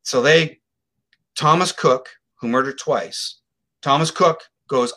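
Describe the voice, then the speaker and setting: Unhurried and mid-range in pitch, a middle-aged man talks as a guest in an interview. His case story comes out casual and forceful, and he animatedly voices the lines other people spoke.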